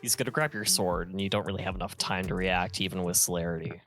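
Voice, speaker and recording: A man's voice: low-pitched, fairly even intonation, quick pace, fairly bright tone, faint music behind. A man narrating as game master in casual talk, describing actions.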